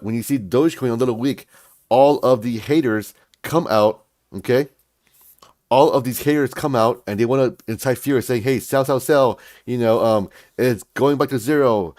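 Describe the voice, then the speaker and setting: A man's voice: mid-range voice, darkish tone, no echo, studio quality. A man hosting a livestream, giving hyped market commentary in a pumped, repetitive way, with constant check-ins to his viewers. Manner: pumped, repetitive, keeps saying "folks, all right?". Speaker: livestream host.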